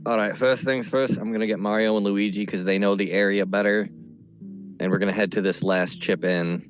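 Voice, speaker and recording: A man playing a tabletop role-playing game, answering the game master in calm, in-character banter. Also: on the low side, fairly quick, soft background music. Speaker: player.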